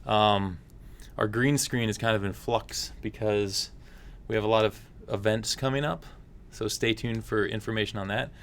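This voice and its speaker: A man's voice: lowish voice, fairly even intonation, normal speed, a bit bright, a little hiss or hum. A man hosting a casual game livestream, chatty and upbeat, with frequent fillers. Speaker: stream host.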